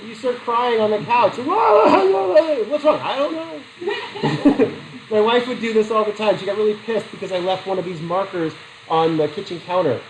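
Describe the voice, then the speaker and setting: A man's voice: high-pitched, a little hiss or hum, low-quality recording. A middle-aged man teaching a psychology class in a chatty way, asking the students questions and telling personal stories. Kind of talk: classroom lecture.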